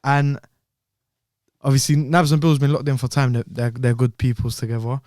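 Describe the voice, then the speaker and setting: A young man, a podcast guest telling animated stories in slang, often repeating himself. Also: medium pitch, moderate pace, no echo, clean studio sound. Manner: animated storyteller, heavy slang, repeats words. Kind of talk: casual chat.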